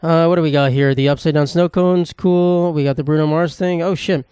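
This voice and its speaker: Brisk and steady, a young man in his twenties delivers a rambling solo podcast monologue full of crude, self-deprecating humor from a table indoors. His fairly high voice has a dark but clean tone. The recording is dry and clean, made in a studio.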